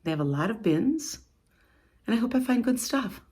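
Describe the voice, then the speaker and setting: A woman's voice: on the high side, expressive, normal speed, a little mellow, breathy edge. A woman vlogging her thrift haul, chatting playfully to viewers as she shows clothing and items. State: out of breath.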